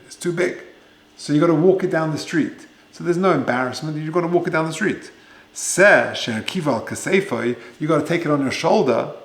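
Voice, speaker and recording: A man's voice: a little high, a little fast. A man, a rabbi giving a Torah lecture, conversational, with Hebrew and Yiddish terms and rhetorical questions. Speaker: rabbi teaching a weekly Torah class. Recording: echoey room.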